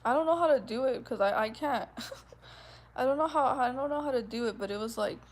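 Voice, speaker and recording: A woman in her twenties chatting casually with her viewers, with a soft, gentle voice and a giggly, rambling way of talking that is full of "like". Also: fairly high pitch, brisk. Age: 20s. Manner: chatty, giggly, fills speech with "like". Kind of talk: casual livestream chat.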